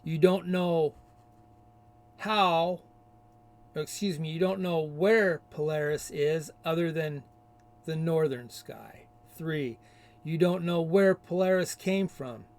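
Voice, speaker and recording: A man delivering a combative, insulting rant in a video rebuttal. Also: a little high. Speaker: video commentator. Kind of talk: ranting rebuttal.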